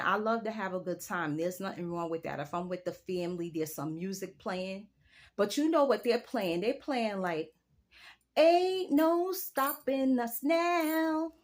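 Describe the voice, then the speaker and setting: With a mid-range, somewhat bright voice, a forty-something vlogger delivers a casual opinion rant to her audience. She tells it as a story, drawing words out emphatically and swinging widely in pitch.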